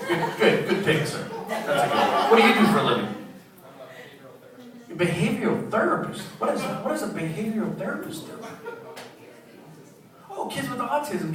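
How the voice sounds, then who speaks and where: A man's voice: sits high, distant mic. A man doing a brash stand-up set on a comedy club stage, teasing people in the audience. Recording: echoey club recording from afar, loud crowd. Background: crowd laughter.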